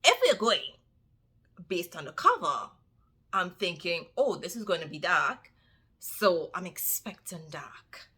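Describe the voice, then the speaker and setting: Woman book vlogger talking to camera, slow and drawn out, bright tense voice, says y'all a lot and repeats herself for emphasis. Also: on the low side, breathy edge. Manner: animated, repeats phrases for emphasis, addresses viewers as y'all. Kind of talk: casual chat to camera.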